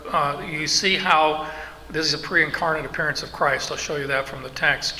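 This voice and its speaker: A middle-aged man preaching an expository sermon, slow and emphatic, with asides and restarts. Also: a little high, bright, forceful tone. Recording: long hall reverb, faint background noise.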